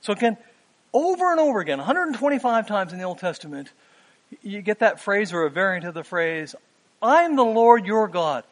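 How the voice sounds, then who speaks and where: A man in his fifties preaching a sermon, earnest, pausing with "um" and rising for emphasis. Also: high-pitched, lively intonation, fairly bright tone.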